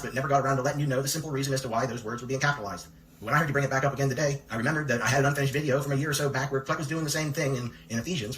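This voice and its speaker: A man's voice: medium pitch, fairly bright tone, a little hiss or hum. A man hosting a commentary video, reading out a letter and firing off pointed rhetorical questions. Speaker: commentary channel host. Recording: echoey room.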